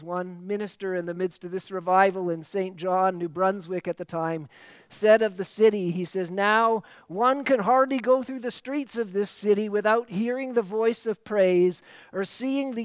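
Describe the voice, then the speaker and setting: A man's voice: sits high, clear, resonant tone, dry recording. A man preaching a sermon as pastor, emphatic and full of repeated phrases.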